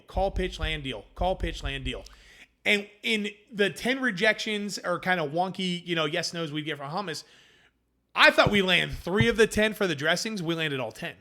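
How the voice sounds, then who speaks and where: Guy with a bright higher voice, chatty founder story, does all the voices in his quotes. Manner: animated, acts out quoted dialogue. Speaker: food company founder. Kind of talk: casual interview storytelling.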